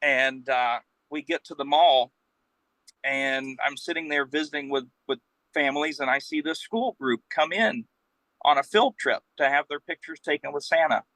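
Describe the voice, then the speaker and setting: A man with a fairly high voice, speaking at normal speed, is a guest storyteller and professional Santa telling a rambling, casual anecdote with animated, acted-out quotes. The recording is dry and low quality.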